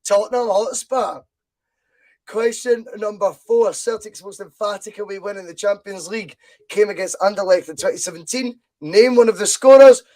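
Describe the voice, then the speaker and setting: A Scottish man hosting a casual football quiz podcast, excitable and quick to shout when delighted. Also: high voice. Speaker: podcast host.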